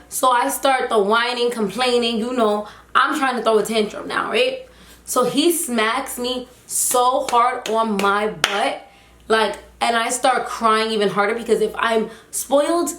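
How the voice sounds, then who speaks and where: Young woman, vlogger, slangy storytelling, fairly high voice, roomy echo. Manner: animated, slangy, emphatic. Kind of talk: casual storytime.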